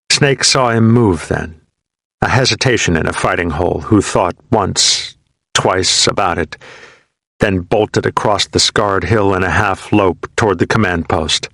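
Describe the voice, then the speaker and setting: A man reading a novel aloud in a steady, measured way. His voice sits low with a gravelly edge. The recording is dry and close. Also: no room sound. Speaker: audiobook narrator. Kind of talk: scripted narration of a war novel.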